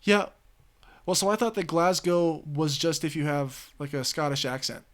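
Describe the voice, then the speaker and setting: A man's voice: a little high, moderate pace. A man from the American Southwest chatting casually with his stream audience, rambling and swearing, full of "you know" and "like". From Southwestern United States.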